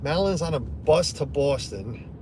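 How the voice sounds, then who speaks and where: A man's voice: fairly high pitch, expressive, normal speed, background noise. A middle-aged man hosting a live stream from inside his truck, rambling casually and greeting viewers by name.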